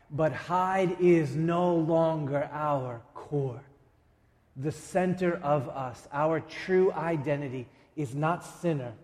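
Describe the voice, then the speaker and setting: Slow emphatic New pastor. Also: male voice, fairly high pitch, darkish tone, in a large hall. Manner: emphatic, dramatic pauses, quick asides. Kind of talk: sermon. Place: church sanctuary.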